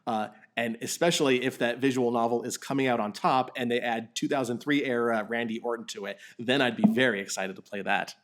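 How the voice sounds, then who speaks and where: A man hosting a casual podcast with a middle-pitched voice. He talks in an animated, jokey way and swears freely. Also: fairly quick, hardly any pauses. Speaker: podcast host. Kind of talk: casual chat.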